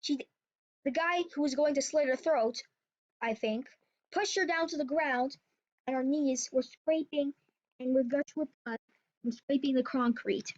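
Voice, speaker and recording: A high-sitting, slightly mellow female voice tells a creepypasta in a relaxed, wandering manner. She keeps restarting and correcting her own words, and the lo-fi recording is dull.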